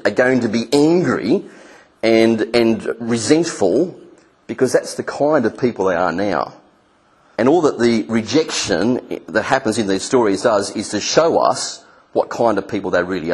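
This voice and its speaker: A man preaching with a husky, slightly breathy voice at an everyday middle pitch. He coaxes his listeners through a hands-on exercise, then acts out angry voices with sudden leaps in pitch. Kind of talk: sermon.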